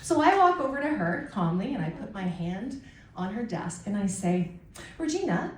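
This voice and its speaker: A middle-aged woman performing a stand-up routine, telling stories in an animated, self-mocking way on a comedy club stage. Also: mid-range voice, normal speed, slight background noise. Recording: distant mic in an echoey room with a loud crowd. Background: audience laughter and cheers.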